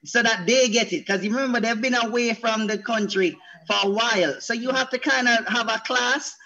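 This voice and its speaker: A Jamaican touring stage actor with a husky voice, chatting eagerly about his work on a panel. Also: extremely high pitch, brisk, bright, forceful tone. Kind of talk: panel discussion. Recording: dull lo-fi call audio.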